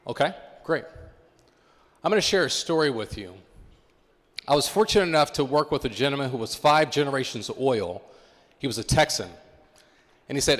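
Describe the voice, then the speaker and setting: Guy doing a motivational talk at a conference, keeps asking the crowd stuff, echoey big hall. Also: mid-range voice. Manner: engaging, quizzes the audience. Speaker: keynote speaker. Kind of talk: motivational talk to a live audience. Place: conference hall with live audience. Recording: long hall reverb.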